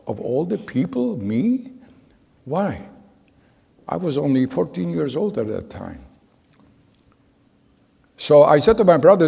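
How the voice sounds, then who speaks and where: A man in his nineties giving spoken testimony to an audience in a large hall, telling his story in a halting, earnest way with repeated phrases. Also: fairly high pitch, big pitch swings, vocal fry, dark tone, breathy edge. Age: 90s. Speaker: Holocaust survivor giving testimony. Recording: long reverb of a large hall.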